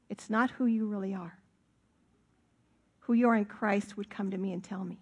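A middle-aged woman preaches from the pulpit in an earnest, emphatic way. She leans on key words and draws them out slowly, then lets her voice drop low and quiet for the tender points. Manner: earnest, emphatic, with drawn-out stresses. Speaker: pastor. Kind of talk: sermon.

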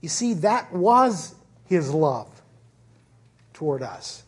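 A man's voice: fairly high pitch, very animated, slow pace, slightly rough. A man preaching a conversational sermon as pastor at a church service, earnest and informal with frequent restarts.

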